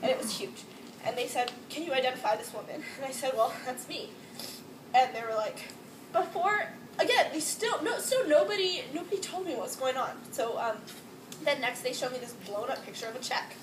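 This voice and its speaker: A young woman from Hawaii recounts a personal ordeal in loose, emotional speech, peppered with "like" and nervous laughs. Her voice sits high, and it reaches the mic from some distance in a roomy, echoing space with steady noise underneath. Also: normal speed. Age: young adult. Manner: casual, emotional storytelling with frequent "like" and nervous laughs. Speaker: student speaker. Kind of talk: personal testimony to a crowd. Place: echoey indoor campus space. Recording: distant mic in an echoey room with background noise.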